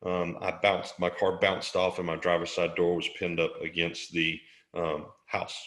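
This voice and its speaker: A man's voice: low voice, completely flat delivery, a little slow, a bit bright, echoey room. A middle-aged man from Alabama, an interview guest telling a story in a casual, jokey way and laughing often.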